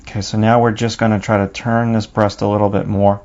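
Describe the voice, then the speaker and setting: A man giving a step-by-step drawing lesson, unhurried, talking himself through each stroke as he draws. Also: lowish voice, little pitch movement, a little mellow. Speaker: drawing instructor. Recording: dull lo-fi recording.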